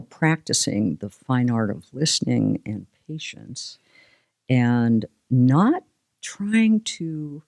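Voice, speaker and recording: Low, lively-voiced older woman. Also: vocal fry, no room sound, clean studio sound. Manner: expressive, laughs often, animated storytelling. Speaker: podcast co-host. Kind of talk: casual conversation.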